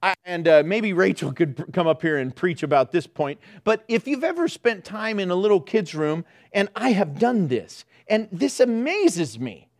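A man's voice: high-pitched, big pitch swings, normal speed, hardly any pauses, darkish tone. A middle-aged man preaching a sermon as pastor, telling jokey, self-mocking stories. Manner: joking, self-mocking storytelling.

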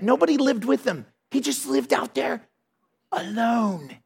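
A man preaching a sermon, telling funny stories in an animated way and laughing along with his congregation. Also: extremely high pitch, a little slow, gravelly, slightly rough. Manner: animated, humorous, laughs between lines. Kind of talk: sermon with storytelling.

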